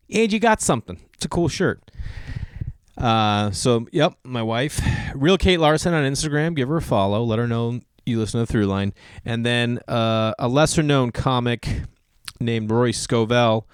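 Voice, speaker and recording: Smooth-voiced rambling comedian, dry close sound. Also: male voice, medium pitch, no echo. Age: 40s. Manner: rambling, jokey, breaks into silly made-up songs. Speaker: comedian podcast host. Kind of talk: casual solo chat.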